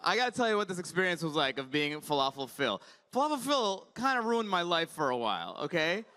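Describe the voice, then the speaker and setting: A man's voice: on the high side, big pitch swings, fairly quick, pushed and bright. A man in his thirties doing a stand-up comedy set on a conference stage, chatty and wry.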